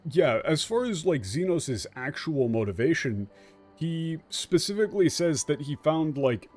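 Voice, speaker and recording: A man's voice: mid-range voice, a little mellow. A male game streamer giving casual let's-play commentary, analytically picking apart a translation word by word and swearing now and then.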